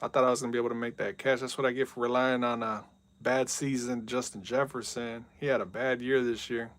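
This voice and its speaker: A man live-streaming a football video game in casual chat, reading out viewer messages and yelling at big plays. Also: medium pitch, flat delivery, a little fast.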